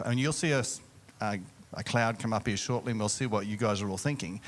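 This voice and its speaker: A middle-aged pastor telling a humorous story from a church stage into a mic. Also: male voice, fairly low pitch, fast talker. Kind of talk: sermon storytelling.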